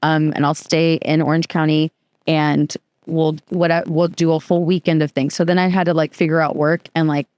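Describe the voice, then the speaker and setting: A woman guest on a podcast, telling a story in a chatty, animated way with lots of filler words. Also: deep voice, normal speed, dry recording, studio quality. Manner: chatty, animated, fills speech with "like". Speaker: podcast guest, youth program co-founder. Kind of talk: casual interview storytelling.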